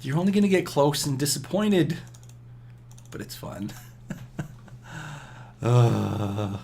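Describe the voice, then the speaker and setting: A man's voice: mid-range voice, big pitch swings, slow pace, gravelly, dark tone, slight background noise. A man giving casual gameplay commentary, rambling and scolding himself aloud with chuckles.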